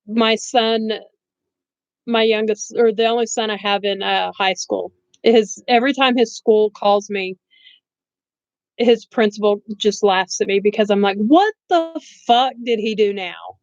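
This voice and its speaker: A woman's voice: medium pitch, fairly even intonation, a little slow, dry recording, lo-fi sound. A middle-aged woman chatting casually on a live stream, blunt and rambling, laughing often and saying she has no filter. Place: bedroom at home.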